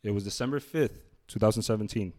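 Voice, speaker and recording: A man's voice: lowish voice, quick pace, a little mellow, no room sound. A man hosting a casual sports podcast, upbeat and steering the talk between matches. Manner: leads the talk, upbeat, laughs easily. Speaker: podcast host.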